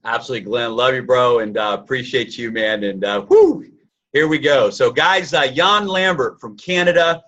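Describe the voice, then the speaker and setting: A man's voice: mid-range voice, normal speed, a bit bright. A man in his forties hosting a webinar, upbeat and hyped, with many fillers. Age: 40s. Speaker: webinar host. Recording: lo-fi webinar audio.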